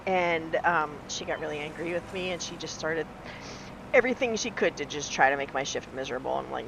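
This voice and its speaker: A woman's voice: sits low, fairly quick, background noise. Chatty laughing woman in her forties. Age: 40s. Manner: chatty, laughs often, acts out quoted people. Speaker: live streamer. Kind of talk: casual storytelling chat while gaming.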